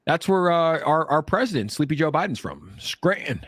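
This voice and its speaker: A man's voice: fairly high pitch, sing-song, normal speed, fairly bright tone, dry recording. A man hosting a casual crypto livestream, joking around and reading out where viewers are watching from. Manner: joking, reads chat locations aloud.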